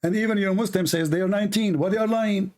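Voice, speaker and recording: A man with a high-pitched voice runs a heated call-in debate. He presses the caller, repeats the same question and cuts in over him. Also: fast talker, darkish tone. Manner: interrogating, repeats questions, interrupts. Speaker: show host.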